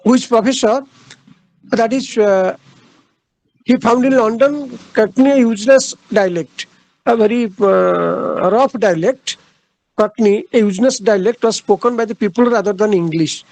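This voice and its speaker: A man giving a literature lecture, speaking haltingly, pausing often on "uh" and repeating his key phrases for emphasis. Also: high voice, creaky, a little mellow, no room sound, rough recording. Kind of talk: classroom lecture.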